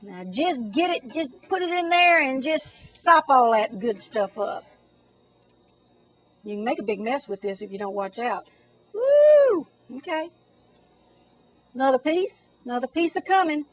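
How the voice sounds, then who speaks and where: A woman's voice: high voice, lively intonation, normal speed, a bit bright, low-quality recording. A middle-aged woman hosting a home cooking demonstration, chatty and bubbly with theatrical exclamations. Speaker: cooking show host.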